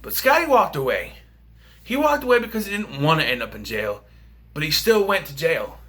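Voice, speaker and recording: A man talks through a film review in a loose, rambling way, full of fillers and restarts. His voice is bright and a little high. His pitch bounces around animatedly. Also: big pitch swings, moderate pace. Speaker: movie reviewer. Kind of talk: casual film review vlog.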